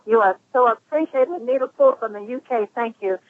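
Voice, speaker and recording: A woman's voice: a little high, no echo. A woman pastor hosting a conference call, affirming callers and thanking them. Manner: warm, affirming, quick-talking. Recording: phone-line conference call.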